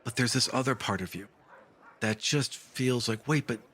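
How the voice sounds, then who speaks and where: A man narrating a tabletop game as game master, relaxed and descriptive, with frequent fillers. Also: mid-range voice, moderate pace, slightly rough.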